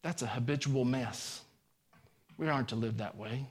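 A man preaching a sermon in a folksy way, rising to high exclamations. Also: moderate pace, breathy edge.

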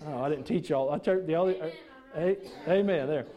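A man's voice: a little high, moderate pace, dull audio. A middle-aged man preaching a sermon in a church, folksy and joking, full of rhetorical questions to the congregation. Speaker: pastor.

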